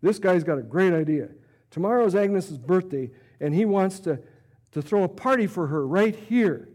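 A man voicing a gruff, blunt middle-aged diner owner. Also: high-pitched, lively intonation, normal speed, darkish tone.

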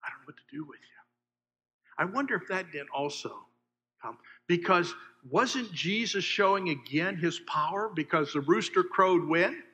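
A man preaching a sermon, asking his listeners questions and swinging between loud emphasis and hushed asides. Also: high voice, lively intonation, normal speed. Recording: long hall reverb.

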